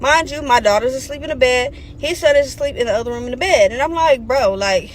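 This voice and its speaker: A young woman, telling a storytime in a blunt, profane, animated way and acting out the voices she quotes. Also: high-pitched, quick pace, slight background noise. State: pregnant. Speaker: storytime vlogger. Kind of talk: casual storytime rant.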